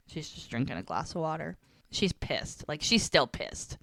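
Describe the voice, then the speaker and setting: A woman's voice: low voice, very animated, normal speed, a bit bright, no echo, studio quality. A woman co-hosting a casual podcast, retelling a TV scene and acting out each character's lines as she goes. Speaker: podcast co-host. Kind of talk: casual recap chat.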